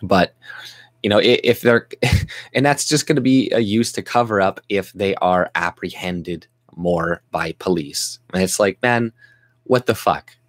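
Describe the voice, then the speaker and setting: A man's voice: sits low, a little slow, no room sound. A man hosting his own livestream, ranting in a rambling, profane, agitated way. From Canada. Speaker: vlog host. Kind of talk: livestream rant.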